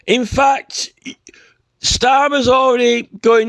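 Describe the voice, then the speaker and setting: A man's voice: very high-pitched, a little slow, a bit bright, dry recording. A man talking off the cuff in a rambling, sarcastic rant, full of "you know" and "right?". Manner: sarcastic, mocking. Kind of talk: casual spoken rant.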